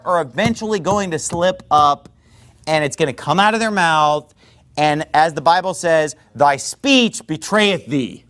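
A man preaching a sermon in a conversational, digressive way with quick rhetorical asides. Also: high-pitched, fairly bright tone.

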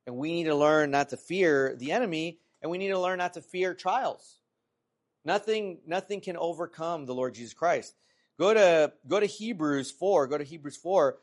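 Conversational preacher, man with animated delivery. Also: on the high side, normal speed. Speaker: pastor. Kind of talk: sermon.

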